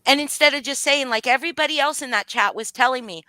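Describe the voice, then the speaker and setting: Angry bright-voiced woman calling someone out. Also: high-pitched, fast talker, no echo. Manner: angry, profane, voice rising and falling. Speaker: livestream guest speaking out. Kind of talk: emotional live-stream confrontation.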